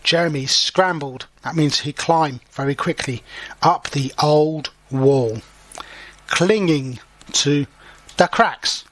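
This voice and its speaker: A man's voice: a little high, fairly bright tone, no room sound. A man reading a children's story aloud as an English teacher, stopping to explain words simply. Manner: slow and clear, pausing to explain words. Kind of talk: storybook read-aloud for learners.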